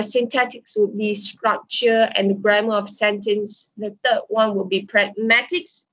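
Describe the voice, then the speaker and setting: A woman teaching a university class, her voice a little breathy and recorded close and dry with no room sound. She walks through ideas with everyday examples and keeps landing on "okay, so" as she restarts her sentences. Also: mid-range voice, a bit bright, no echo, low-quality recording. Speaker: lecturer. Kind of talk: online university lecture.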